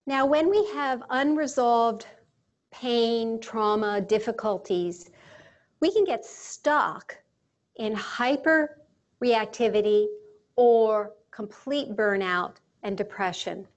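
A woman with a fairly high voice leads a guided mindfulness talk in a calm, measured way. She slows down and pauses deliberately between phrases. The sound is dull and lo-fi, with faint music playing underneath. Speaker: speaker leading a mindfulness exercise.

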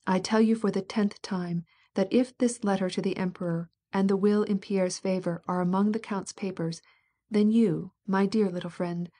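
A woman's voice: medium pitch, dark tone, natural voice. Woman reading as an impatient scheming prince. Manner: impatient, coaxing, insistent.

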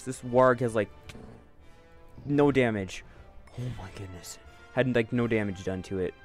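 A man giving let's-play commentary on a video game, swinging from panicked yelling to calm, unhurried remarks. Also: lowish voice. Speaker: gaming video creator.

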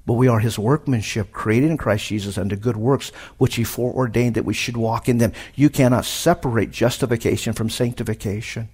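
A middle-aged man preaching a sermon at a conference, animated, with sudden loud emphatic rises. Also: medium pitch, brisk, hardly any pauses, husky. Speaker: pastor. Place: conference hall.

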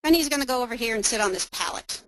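A woman's voice: fairly high pitch, animated, rapid-fire, dry recording, rough recording. Upbeat woman presenting a webinar demo. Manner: upbeat, explaining step by step. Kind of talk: software demo walkthrough.

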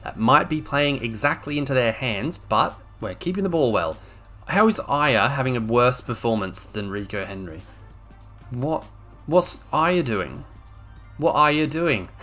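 A man's voice: mid-range voice, expressive, a little slow, pushed and bright, faint music behind. A young man commentating on his own gameplay, exasperated and sarcastic, ranting at a desk microphone. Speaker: game streamer.

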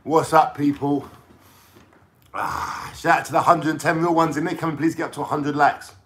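A young man from London talks straight to his viewers, piling up slang and asides as he tells a long story. He keeps checking in with a quick "yeah?" and drifts off on tangents before picking the thread back up. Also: on the high side, steady tone, slight background noise. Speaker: vlogger telling a story. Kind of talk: casual storytelling vlog.

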